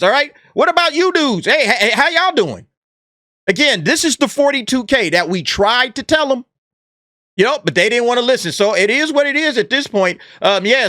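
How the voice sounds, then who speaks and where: A man's voice: high-pitched, bright, forceful tone, no echo, studio quality. A man hosting a commentary channel, talking in a brash, mocking and profane way, laughing at the people he talks about. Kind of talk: casual commentary monologue.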